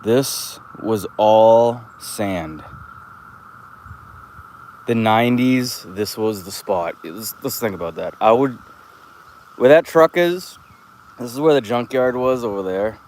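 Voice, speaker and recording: A man in his thirties vlogs outdoors while walking an open lot, telling rambling, profane stories in a relaxed, chatty manner. He takes it slowly with long pauses, and his lowish voice sounds a little mellow. A faint hiss or hum runs through the recording.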